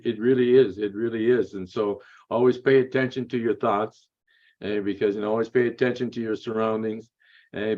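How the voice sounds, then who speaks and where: A man's voice: on the low side, dull audio. A man telling blunt, crude-humored stories as an interview guest, tagging his lines with "man" and "eh". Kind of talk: casual storytelling.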